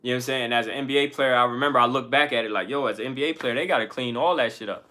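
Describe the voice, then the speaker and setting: Candid, slangy man with a bright voice. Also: medium pitch, rapid-fire. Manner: candid, slangy and profane, addresses viewers as bro. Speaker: music artist and channel host. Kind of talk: casual motivational talk to camera.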